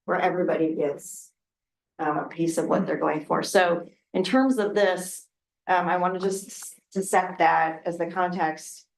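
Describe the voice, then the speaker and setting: Frank, low-voiced woman council leader. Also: steady tone, a little slow, vocal fry, far from the mic. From Oregon. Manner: candid, chatty, frank, with laughs and filler words. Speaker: regional council president. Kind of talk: informal remarks at a council work session. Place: city council meeting room. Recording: roomy meeting room with faint noise.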